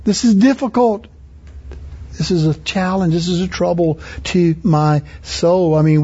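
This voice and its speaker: A man's voice: fairly high pitch, mellow, husky. A man preaching a sermon in an earnest, conversational way, often rising for emphasis. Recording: muffled lo-fi recording.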